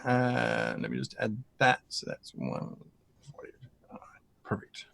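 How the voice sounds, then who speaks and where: A man's voice: mid-range voice, flat delivery, slow pace, gravelly, fairly bright tone, no room sound. A man narrating a tabletop game as game master, often stammering and repeating words. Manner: stammering repetitions while narrating.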